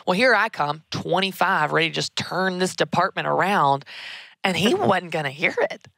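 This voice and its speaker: A woman, hosting a casual advice talk in an energetic, emphatic way, repeating key words. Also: on the low side, normal speed, vocal fry, no echo, clean studio sound. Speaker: podcast host answering a listener question.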